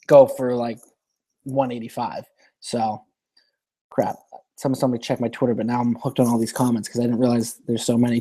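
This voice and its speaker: A man's voice: mid-range voice, mellow. A man hosting a casual live-stream Q&A, reading viewer questions aloud and rambling through his answers with many restarts.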